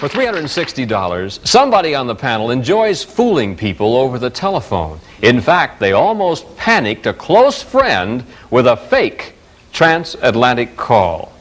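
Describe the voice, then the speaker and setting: A man hosting a game show in a brisk, chatty announcer manner. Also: mid-range voice, huge pitch swings. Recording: noisy old TV studio recording. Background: studio audience.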